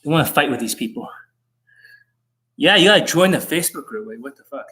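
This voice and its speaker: A man's voice: on the high side, expressive, fairly quick, pushed and bright. A middle-aged man, a dating coach, talking on a live stream in an intense, rambling, profane way that can come across as angry.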